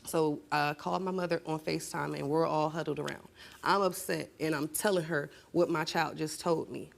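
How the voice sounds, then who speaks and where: A young woman on a talk show stage giving an emotional personal account in an upset, urgent way that turns into sharp confrontation. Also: deep voice, fairly even intonation, moderate pace, creaky. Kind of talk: emotional personal account, then heated argument. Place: TV studio stage.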